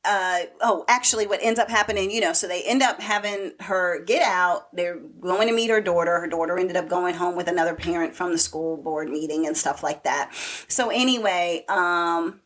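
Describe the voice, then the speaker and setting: A woman co-hosting a podcast, chatting casually and retelling a TV episode in an animated way with acted-out quotes. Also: fairly low pitch, normal speed. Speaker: podcast co-host. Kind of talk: casual chat recapping a TV show.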